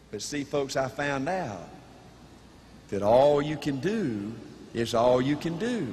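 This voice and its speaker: A man giving a live motivational speech in an animated, folksy way, with punchy repetition and shouting. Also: medium pitch, slow. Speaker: motivational speaker. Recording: reverberant hall, faint noise.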